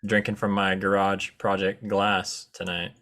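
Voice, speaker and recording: A man's voice: low-pitched, level tone, a little slow, bright, forceful tone. A man hosting a casual chat, easygoing and enthusiastic as he describes things. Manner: easygoing, enthusiastic about flavors.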